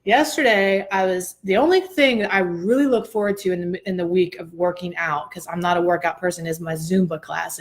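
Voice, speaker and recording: A woman host telling a personal story in a casual chat, animated and expressive, often laughing. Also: mid-range voice.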